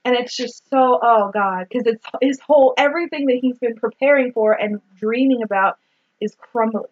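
Swearing freely, a podcast co-host casually recaps a movie, retelling scenes with acted-out quotes. She has a fairly high voice and a moderate pace, captured in dull, lo-fi audio.

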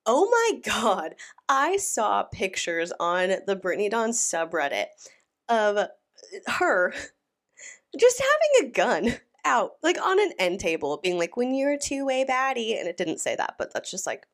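A young woman hosting a reaction video, sounding out of breath from a sinus illness, rambling and teasing in casual chat. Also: lowish voice. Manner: rambling, playful and mocking. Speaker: YouTube reaction host. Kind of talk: casual chatty commentary.

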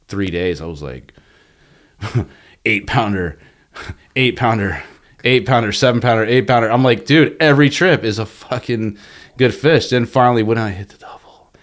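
Lower-voiced guy telling fishing stories. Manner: laid-back, profane, rambling storytelling. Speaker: bass fishing guide. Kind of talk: casual podcast chat.

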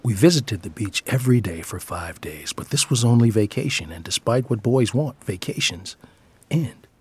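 Husky-voiced man reading a quiet essay. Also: on the low side, lively intonation, moderate pace. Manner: quiet, often drops into a near whisper. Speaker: father reading his own essay. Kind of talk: reflective personal essay reading.

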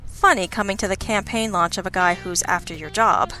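A woman's voice: mid-range voice, fairly quick, pushed and bright, faint music behind. A woman voicing a wry, cynical male detective partner in a dry, sardonic tone, in a storybook reading.

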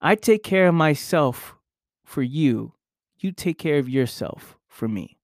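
A podcast host with a voice on the high side speaks slowly and expressively through an earnest, emphatic motivational monologue. He repeats key phrases and swears casually. The recording is dry and studio quality.

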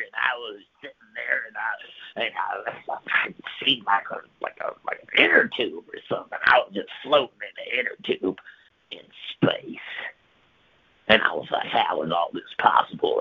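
Man, gravelly, husky, wild profane storyteller, loud bursts and whispers, lo-fi radio. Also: medium pitch. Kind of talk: rambling comic tall tale on radio.

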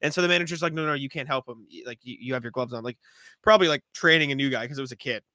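A young man co-hosts a casual podcast, telling animated stories full of swearing. His voice is bright and forceful, recorded dry and close to the mic. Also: mid-range voice, racing, no room sound. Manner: profane, animated storytelling. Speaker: podcast co-host. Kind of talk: casual chat.

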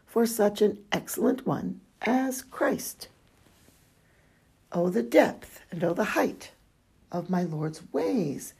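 A woman reading devotional letters aloud in a fervent, drawn-out way, with hushed passages. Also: on the low side, vocal fry, breathy edge. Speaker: reader.

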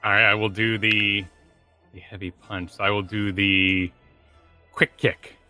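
A man's voice: fairly low pitch, little pitch movement, normal speed, pushed and bright, faint music behind. A man playing in a tabletop game, calling out his moves and dice results. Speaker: player.

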